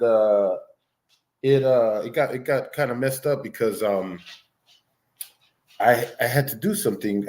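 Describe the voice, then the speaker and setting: A man chatting casually on a live stream, playfully coaxing and baby-talking his dog between remarks to viewers. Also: medium pitch. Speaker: livestreamer. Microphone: streaming setup mic. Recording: roomy echo.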